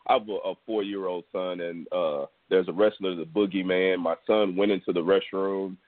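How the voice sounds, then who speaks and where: A man in his thirties from Houston, Texas, co-hosting a podcast and telling a story in a relaxed, rambling way full of fillers. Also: deep voice, moderate pace, no room sound. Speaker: podcast co-host. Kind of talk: casual storytelling chat. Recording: dry, tinny phone line.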